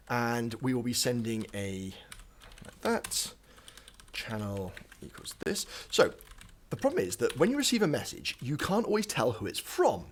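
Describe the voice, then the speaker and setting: A young man streaming himself coding at a standing desk in his home office, thinking aloud with lots of ums and asides, a bit out of breath. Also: medium pitch. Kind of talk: live coding stream commentary.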